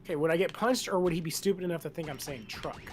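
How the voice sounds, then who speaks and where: A man streaming a game chats loosely with friends, swearing freely and hopping between tangents. His voice is a little high and quick, with music in the background.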